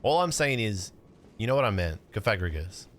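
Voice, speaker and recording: A man's voice: on the low side, sing-song, moderate pace, a bit bright, faint music behind. A young man chatting casually on a livestream while gaming, laid-back and rambling, cursing now and then. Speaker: streamer.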